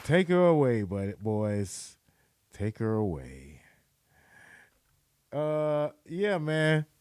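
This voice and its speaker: A man's voice: medium pitch, very animated, extremely slow, a little mellow, clean tone, no echo, studio quality, a faint crowd. A man hosting a podcast, giving casual commentary in a loose, slangy, repetitive way. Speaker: podcast host.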